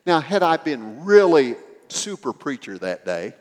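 A man's voice: a little high, very animated, unhurried, long reverb tail. A man preaching a sermon, telling a story with acted dialogue and building to emphatic swells.

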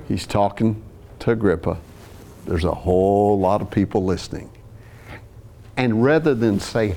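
A man's voice: lowish voice, moderate pace, warm tone. A man preaching a sermon, talking through scripture in a conversational way with restarts and asides. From US South.

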